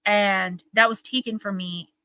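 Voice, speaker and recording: Bright-voiced woman giving an oracle reading. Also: medium pitch, steady tone, unhurried, smooth, no room sound, rough recording. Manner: rambling, emotional, earnest. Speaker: oracle card reader. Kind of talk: live-stream card reading, casual chat. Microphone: live-stream microphone.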